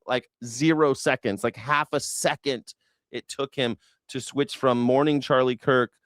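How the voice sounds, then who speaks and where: A man hosting a news reaction stream who rambles, swears freely and mocks the news with sarcasm. His voice is smooth and clear. It is recorded close and dry, with no room sound. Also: medium pitch, steady tone, unhurried, a bit bright, no room sound. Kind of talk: casual livestream commentary.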